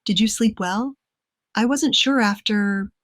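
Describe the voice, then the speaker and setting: A woman voicing an earnest young male rancher, speaking softly and sincerely to the woman he cares for. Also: medium pitch, takes it slowly, no room sound, studio quality. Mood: concerned.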